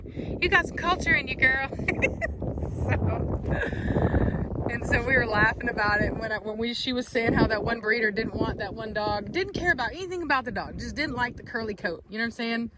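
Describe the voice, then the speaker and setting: A woman, a dog breeder chatting casually on her vlog and cooing baby talk at her dogs. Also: a little high. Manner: coos baby talk at the dogs, calls them loudly. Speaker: dog breeder and channel host. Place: outdoors with dogs. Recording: noisy outdoor recording.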